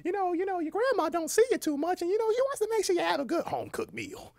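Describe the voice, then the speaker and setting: A man voicing a doting older grandmother in a high, cooing falsetto. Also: huge pitch swings, quick pace, vocal fry, a little mellow, no room sound, heavily acted. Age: over 60. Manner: cooing, affectionate.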